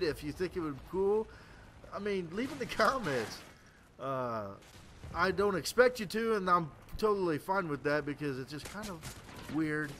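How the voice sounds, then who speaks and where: A man's voice: on the high side, fairly bright tone, a little hiss or hum. A tired man doing casual game commentary, rambling crudely and stammering through restarts. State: tired late at night. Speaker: gameplay commentator.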